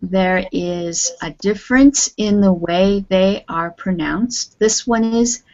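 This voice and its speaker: Brief: woman English teacher, slow and careful delivery, dull lo-fi call audio. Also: medium pitch, a little mellow. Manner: slow, patient, clearly enunciating. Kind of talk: online class teaching.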